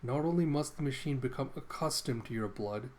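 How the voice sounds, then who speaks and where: A man's voice: mid-range voice, brisk, slight background noise, lightly acted. A man voicing a stern old man who lectures in formal phrasing.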